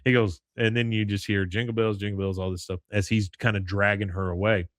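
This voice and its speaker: A man's voice: on the low side, level tone, no room sound, clean studio sound. Man casually recapping a cartoon episode. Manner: retells scenes with quick character voices, chuckling. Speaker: podcast host.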